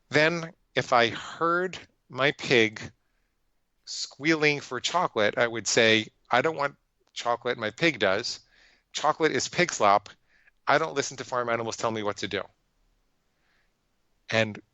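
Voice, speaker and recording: Earnest man with a bright, muffled voice. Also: fairly low pitch, no room sound. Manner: earnest, emphatic, with self-correcting restarts. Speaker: podcast guest, psychologist. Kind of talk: conversational interview storytelling.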